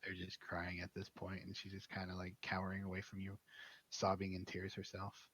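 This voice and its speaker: A young man running a tabletop game as its dungeon master. His voice sits very low and husky, and he narrates in a relaxed way, stopping often for fillers. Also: a little fast.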